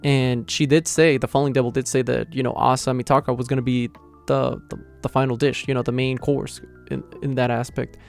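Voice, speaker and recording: A man as a casual YouTube manga reviewer, mid pitch, animated retelling, filler-heavy. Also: brisk, vocal fry, soft background music. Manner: rambling, lots of "like" and "you know" fillers. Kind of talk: casual chapter review and reaction.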